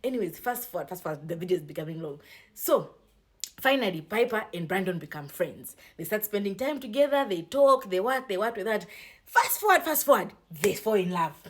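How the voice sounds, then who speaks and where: A woman's voice: medium pitch, animated, fairly quick. Woman, casual book review, chatty, dramatic storytelling. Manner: chatty, dramatic retelling with mixed-language asides.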